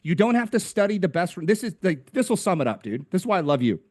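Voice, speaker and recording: A young American man, a podcast guest, telling stories in a slangy, energetic, casual way. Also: sits high, quick pace, no room sound, clean studio sound. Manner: energetic, slangy storyteller, says "dude" a lot. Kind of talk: casual interview chat.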